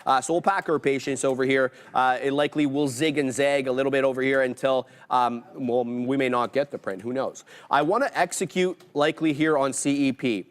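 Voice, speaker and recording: A man hosting a live trading stream, calling out prices and orders in energetic play-by-play with sudden hype outbursts. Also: medium pitch, fairly quick, hardly any pauses.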